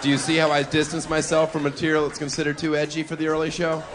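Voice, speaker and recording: A man's voice: on the high side, monotone, quick pace. A man performing provocative live stand-up comedy on a club stage, with mock-defensive asides. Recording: live club with loud crowd noise.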